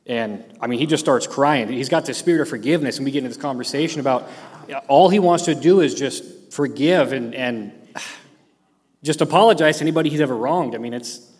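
A man earnestly recounting a coworker's change of heart as a personal testimony, speaking in a slightly halting way. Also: medium pitch, a little mellow, in a large hall.

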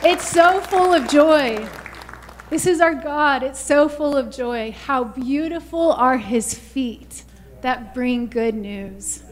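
Fervent high-voiced woman preaching. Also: takes it slowly, a faint crowd. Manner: fervent, repeats "you guys" and "hallelujah". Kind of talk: sermon.

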